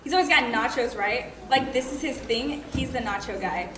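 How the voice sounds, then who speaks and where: A young woman delivers an exasperated comic monologue, mocking and complaining. Her voice is very high. She sounds echoey, with a little background hiss. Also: normal speed. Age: teens to young adult. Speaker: student performer. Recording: echoey room, faint noise.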